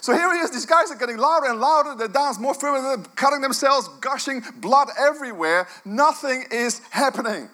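A middle-aged male preacher with a high, bright voice. He tells his story with animated energy. He drops to hushed tones, then bursts out loud, swinging between quiet and big moments. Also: fairly quick, few pauses. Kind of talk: sermon.

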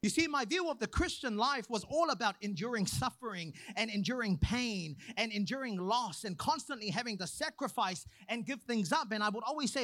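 A young man preaching a sermon, praying and then telling a personal story in an animated way. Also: very high voice, moderate pace, no echo. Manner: animated storyteller, acts out quoted voices.

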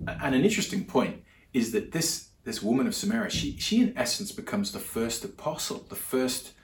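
A man preaching a sermon, retelling Bible stories in a lively, conversational way with frequent restarts and repeated words. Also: mid-range voice, distant mic. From England. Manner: animated, repeats words, acts out voices in stories. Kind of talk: sermon storytelling. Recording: echoey room, speaker away from mic.

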